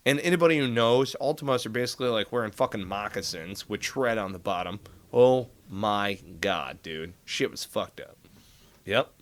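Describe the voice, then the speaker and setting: A man telling a military story in casual chat, profane and animated, acting out the dialogue. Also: fairly low pitch, normal speed. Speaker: podcast guest telling military stories.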